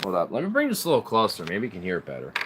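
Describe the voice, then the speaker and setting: A man's voice: on the low side, huge pitch swings, very fast, background noise. A man chatting casually while playing guitar, rambling and swearing freely. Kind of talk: casual chat.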